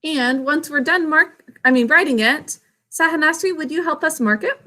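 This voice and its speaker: A woman's voice: high voice, normal speed, pushed and bright. A woman teaching a spelling and phonics lesson, sounding out words carefully and praising her pupils often.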